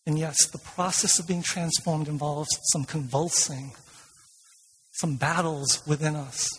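A male pastor preaching a sermon in a church, asking the congregation questions and telling stories in a lively way. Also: on the high side, measured pace, breathy edge. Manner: retells a film scene with lively storytelling. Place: church sanctuary. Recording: long reverb of a large hall.

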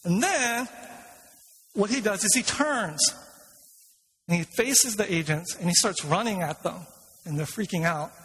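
A male pastor preaching a sermon in a church, asking the congregation questions and telling stories in a lively way. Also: high voice, unhurried, long pauses, slight background noise. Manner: retells a film scene with lively storytelling. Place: church sanctuary. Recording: long reverb of a large hall.

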